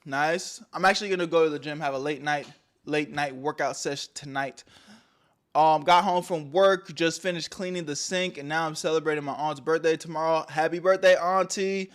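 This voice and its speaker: A young man chatting through a livestream, his voice sitting a little higher than most men's. He banters loosely with viewers, jumping from loud shout-outs to low muttered asides. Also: steady tone, moderate pace, smooth. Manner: loose, joking banter with chat, swings between loud and mumbled. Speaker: streamer. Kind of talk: casual livestream chat.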